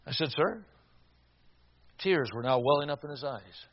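A man preaching, telling a personal story with earnest feeling and letting his voice drop soft and low for the sad parts. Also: expressive, moderate pace, pauses often. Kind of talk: sermon storytelling. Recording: dull lo-fi recording.

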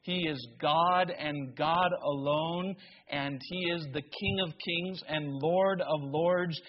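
A man preaching a sermon, slow and emphatic, with dramatic pauses and emphasis that builds. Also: a little high, steady tone, lo-fi sound.

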